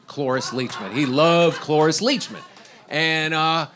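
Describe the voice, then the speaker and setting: A middle-aged Washington, D.C. man performs a stand-up set, rambling through stories and laughing at his own jokes. His fairly high voice moves a little slowly with a slightly bright quality, over faint background noise.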